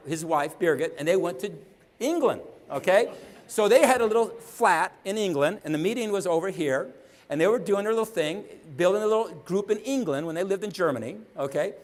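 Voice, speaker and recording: A man giving a motivational talk to a business audience, telling a long story in an animated way, acting out both sides of conversations and often checking in with "okay?". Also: high-pitched. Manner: animated storytelling, acts out dialogue, frequent "okay?"; fast, rambling, repeats words. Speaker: network marketing speaker.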